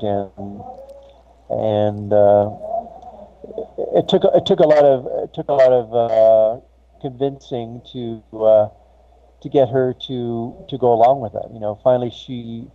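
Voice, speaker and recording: A grieving man tells a personal story in an interview, halting and restarting often. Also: mid-range voice. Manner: halting, many restarts and fillers. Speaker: guest. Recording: slightly muffled with faint ambience.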